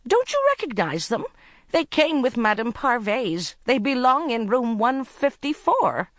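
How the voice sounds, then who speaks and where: A narrator voicing a frantic older lady spy, high and pleading. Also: huge pitch swings, slow pace, vocal fry, fairly bright tone, husky, no room sound, studio quality, full character voice. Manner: crying out in alarm, pleading. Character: older woman amateur spy, frantic and desperate. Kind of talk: audiobook character voice.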